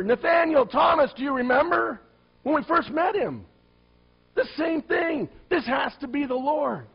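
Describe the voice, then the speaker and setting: A man preaching a sermon, firing rhetorical questions at the congregation and swinging between loud emphatic lines and quiet low asides. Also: breathy edge. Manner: asks the listeners many rhetorical questions. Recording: dull lo-fi recording.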